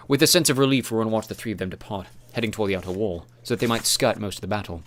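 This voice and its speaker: A man narrating a fantasy audiobook in a steady, measured way. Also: lowish voice.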